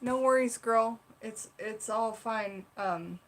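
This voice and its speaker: A woman's voice: a little high, slow pace. A woman from South Carolina hosting a casual livestream from her bedroom, reading viewer comments aloud and chatting with them. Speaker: livestream host. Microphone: seated at own camera.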